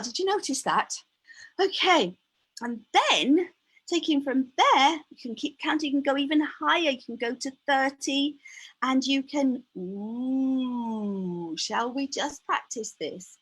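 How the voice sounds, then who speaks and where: A woman leading a lively counting lesson for young children, bubbly and encouraging, counting aloud in a sing-song way. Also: sits high, normal speed, slightly rough, low-quality recording. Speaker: early years maths teacher.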